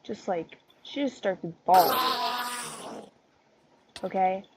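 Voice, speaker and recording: A woman's voice: mid-range voice, takes it slowly. A teenage girl in a casual rant, rambling through a story with many fillers and tangents. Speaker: vlogger. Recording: loud background noise and clicks.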